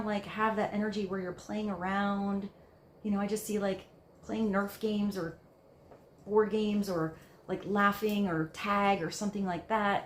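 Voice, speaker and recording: A woman's voice: mid-range voice, reverberant, a little hiss or hum. A woman giving a casual tarot reading, musing aloud in a rambling way with many fillers. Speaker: tarot card reader.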